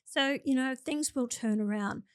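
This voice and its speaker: An older Australian woman, a senator appearing as a podcast guest, speaks in a high-sitting voice at a slightly slow pace with no echo. In this interview conversation she gives earnest, plain-spoken advice and shares stories from her experience.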